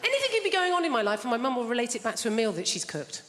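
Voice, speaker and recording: A woman's voice: a little high, very animated, very fast, some chatter behind. An English woman doing stand-up with a dry, self-deprecating delivery, performing in a large theatre. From England. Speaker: stand-up comedian. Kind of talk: stand-up routine. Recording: reverberant hall with loud audience.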